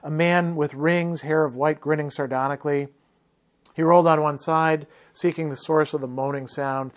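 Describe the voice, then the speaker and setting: Man reading a novel aloud in a lecture. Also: on the high side. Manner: measured, expressive reading.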